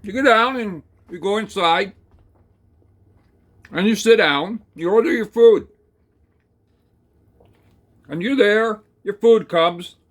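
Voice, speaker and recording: A man telling a rambling, folksy second-person story, talking slowly through it with plenty of hesitations and fillers. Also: high voice. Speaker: channel host.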